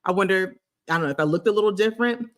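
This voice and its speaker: A woman's voice: medium pitch, very fast. A middle-aged woman doctor from the US South, hosting a casual medical video and answering a commenter in an emphatic, sassy way. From Florida, US South.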